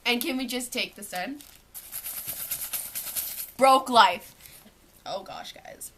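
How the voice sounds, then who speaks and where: A young Canadian woman vlogs casually at home, showing what is in her school bag and rambling with lots of "like." Her voice is on the high side, slow and a bit bright, with a little hiss or hum in the recording.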